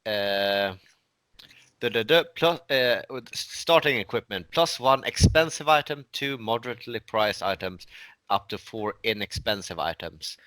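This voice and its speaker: A man's voice: lowish voice, expressive, a bit bright, no echo. A man playing a tabletop game, joking around and asking questions about the rules. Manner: joking, asks rapid rule questions. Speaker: player. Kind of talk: casual tabletop game chat.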